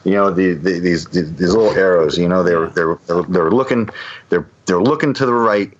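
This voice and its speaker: A man's voice: low voice, brisk, highs cut off, slight background noise. A man telling a long story on a podcast, rambling with many restarts and fillers. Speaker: podcast guest. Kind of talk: casual storytelling.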